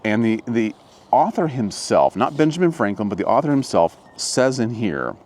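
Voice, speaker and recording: A man's voice: medium pitch, very animated, normal speed, a little mellow. A man vlogging outdoors in a casual, reflective monologue, musing and rambling with frequent restarts. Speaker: motivational vlogger.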